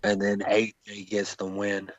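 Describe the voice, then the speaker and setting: A man speaking hesitantly in a casual wrestling podcast chat, pausing as he works out his idea. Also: on the low side, completely flat delivery, a crowd in the background. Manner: slow and hesitant. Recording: dull lo-fi dry line.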